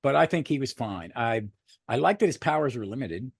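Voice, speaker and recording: Gravelly man riffing on a movie. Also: mid-range voice, a little fast, no echo, studio quality. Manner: rambling, swears freely, animated bursts. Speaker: podcast co-host. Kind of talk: casual movie review chat.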